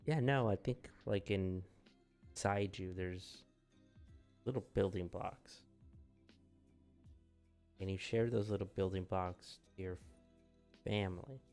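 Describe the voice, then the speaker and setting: A male streamer chatting casually as he reads aloud, musing, offhand and full of deadpan jokes. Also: low-pitched, slow pace, pauses often, soft background music. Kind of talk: casual live-stream chat while reading aloud.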